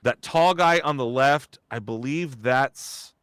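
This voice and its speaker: At a slow pace, a young man with a smooth, fairly bright mid-range voice tells a loose, rambling story as a guest on a live talk show. He's a voice actor and comedian who keeps restarting and acting out quotes, recorded in clean studio sound with no echo.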